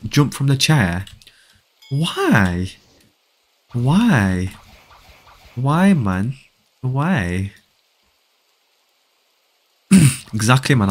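During a live game stream, a man with a mid-range voice chats casually with his audience. He's excitable and keeps repeating phrases as he reads chat out loud.

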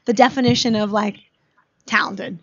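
A woman's voice: mid-range voice, steady tone, moderate pace, a bit bright. A woman from New York with a New York accent, hosting a live web talk show and chatting with guests. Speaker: host. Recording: dull lo-fi live stream audio.

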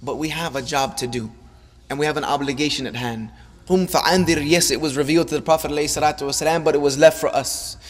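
An impassioned male preacher giving a sermon, his voice rising and falling as he repeats lines for emphasis. His voice sits a little high for a man. A long hall reverb trails behind every phrase. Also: fairly even intonation, rapid-fire. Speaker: Islamic preacher. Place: large hall or mosque.

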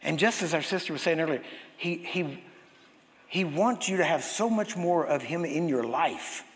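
High-voiced preacher in a reverberant hall. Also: male voice, normal speed. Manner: animated storytelling, acts out quoted voices. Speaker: pastor. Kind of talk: sermon.

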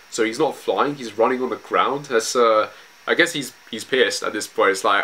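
A man's voice: fairly low pitch, normal speed, bright, forceful tone, slight background noise. A young man giving casual commentary as a comic reviewer, loose and full of fillers, laughing often.

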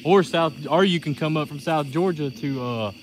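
A man's voice: on the high side, moderate pace, a little hiss or hum. A man co-hosting a night livestream outdoors, reading viewer comments aloud in a jokey, easygoing way. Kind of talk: casual live chat.

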